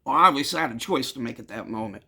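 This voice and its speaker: Gravelly man telling a rambling story. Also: medium pitch, lively intonation, rapid-fire. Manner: rambling, blunt and profane, addresses listeners as gentlemen. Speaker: vlogger telling his own story. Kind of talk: casual personal storytelling.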